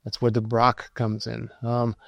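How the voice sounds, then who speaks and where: A man preaching a sermon, reading scripture aloud and explaining it, with many pauses and filler words as he thinks aloud. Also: mid-range voice, completely flat delivery, gravelly, no echo, muffled recording. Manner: halting, many ums and uhs, thinking aloud.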